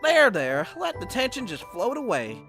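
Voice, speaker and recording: A man's voice: wildly swooping pitch, normal speed, heavily acted. A man putting on a cheerful young idol girl's voice with a country drawl, over game music. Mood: sweet, caring. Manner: high put-on voice with a country drawl.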